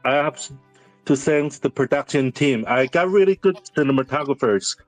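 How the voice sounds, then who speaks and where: A man in his fifties whose first language is Mandarin, a series director telling personal stories in halting English with many restarts. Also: mid-range voice, no echo, soft background music. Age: 50s. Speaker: series director, interview guest. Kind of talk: candid interview storytelling.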